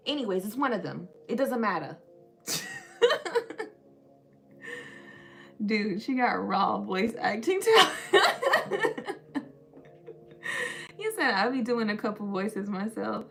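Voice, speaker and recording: A woman's voice: a little high, big pitch swings, slow pace, pauses often, a bit bright, soft background music. A young woman hosting a casual livestream, chatting and giggling as she answers her viewers.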